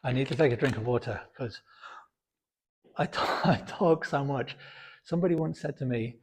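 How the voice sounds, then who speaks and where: A British fitness vlogger with a sore throat talks casually to camera from his home gym, blunt, outspoken, and chatty with many fillers. His voice is medium-pitched at normal speed, with slight background noise.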